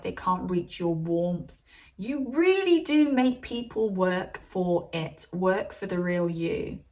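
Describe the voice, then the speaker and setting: A woman's voice: medium pitch, recorded from a distance, poor audio. A woman giving a casual tarot reading, chatty and rambling, cursing casually and calling her viewers babes. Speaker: tarot reader.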